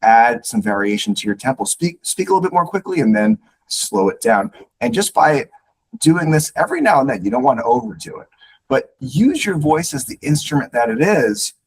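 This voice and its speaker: A man giving coaching advice as a podcast guest, instructive and animated, often repeating words as he starts sentences. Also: mid-range voice, moderate pace, breathy edge, rough recording. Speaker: guest speaker on leadership.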